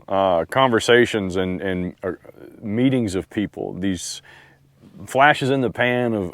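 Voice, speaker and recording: A relaxed man with a drawl chats loosely at a lakeside campsite, wandering from thought to thought and talking to his dog. His voice sits a little low. The sound is dry and close, with little room around it. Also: dry recording. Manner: laid-back, rambling, talks to his dog. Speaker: outdoor vlogger. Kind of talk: casual camping vlog talk.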